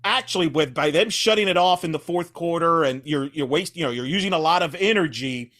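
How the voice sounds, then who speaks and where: A man's voice: a little high, a little fast, a bit bright. A man of about forty co-hosting a casual sports podcast, thinking aloud in a stop-start way. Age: around 40. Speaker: podcast co-host.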